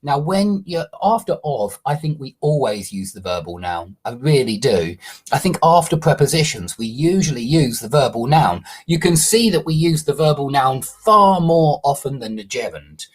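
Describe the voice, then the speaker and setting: A man's voice: medium pitch, big pitch swings, moderate pace, husky. A man teaching English online, walking through corrections to a student's essay and explaining each change, often checking understanding with a questioning "yeah?".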